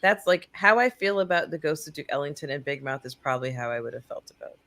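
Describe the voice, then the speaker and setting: A woman with a very low voice that jumps around expressively, trading opinions in a casual podcast chat. She swears casually and speaks over a video call. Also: lively intonation, quick pace, a bit bright. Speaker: podcast co-host.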